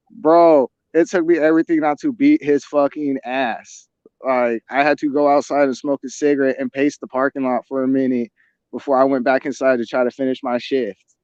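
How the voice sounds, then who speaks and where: A man's voice: mid-range voice, steady tone, normal speed, a little mellow, no room sound. A young man telling a heated, profane story in casual chat over a video call. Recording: dull, dry lo-fi call audio.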